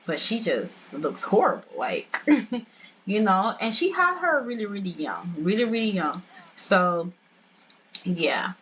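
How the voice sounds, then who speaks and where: A woman's voice: mid-range voice, fairly bright tone. A young woman hosting a game channel, chatting and laughing often as she tells the story to her viewers. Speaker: gaming channel host. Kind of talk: casual game commentary and storytelling. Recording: dull lo-fi with faint hiss.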